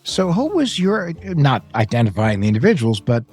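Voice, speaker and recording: A man's voice: medium pitch, wildly swooping pitch, moderate pace, a little mellow, husky, faint music behind. A man hosting a podcast and asking a guest careful, probing questions. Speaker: podcast host. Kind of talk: interview questions.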